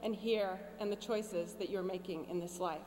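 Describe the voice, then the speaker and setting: A woman in her forties giving a commencement speech from a podium, with wry, sarcastic humor and deadpan asides. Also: mid-range voice, normal speed. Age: 40s. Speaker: commencement speaker. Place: large graduation ceremony venue. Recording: long hall reverb with faint hum.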